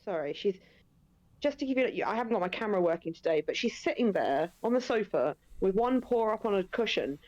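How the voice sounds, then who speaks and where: A woman's voice: medium pitch, animated, a little fast, darkish tone, lo-fi sound. A woman co-hosting a let's-play stream, chatting casually and swearing and laughing freely. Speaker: streamer co-host.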